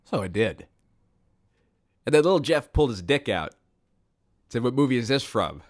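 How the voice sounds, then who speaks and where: A man telling a rambling, absurd comic story in a deadpan way, with sudden excited bursts. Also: fairly low pitch, normal speed, long pauses. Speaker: comedic storyteller.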